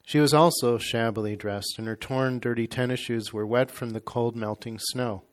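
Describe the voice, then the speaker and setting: A man reading a devotional story aloud in a slow, measured, reverent way. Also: medium pitch, fairly even intonation. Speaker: reader.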